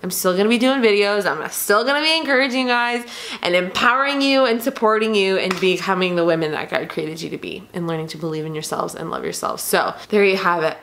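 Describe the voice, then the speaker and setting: A woman's voice: medium pitch, fast talker, a bit bright, slight background noise. Young pregnant woman, casual vlog Q&A, emotional, fillers and restarts. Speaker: vlogger.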